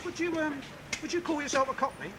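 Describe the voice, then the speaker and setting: A man's voice: very high voice, animated, quick pace, heavy background noise. A man presenting a history piece to camera, teasing and quizzing in a playful way. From London.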